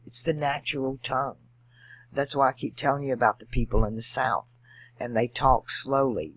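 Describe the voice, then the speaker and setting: Man, average pitch, dry close mic, digressive lecturing monologue that spells out letters. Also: fairly even intonation, moderate pace, a bit bright, no room sound. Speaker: video channel host. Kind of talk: rambling monologue on language and esoterics.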